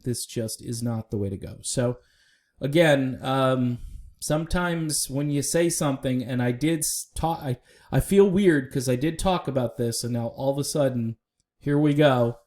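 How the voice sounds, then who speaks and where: A man's voice: medium pitch, a little slow, darkish tone. A man giving casual, opinionated solo commentary on music news, talking straight to viewers with frequent fillers.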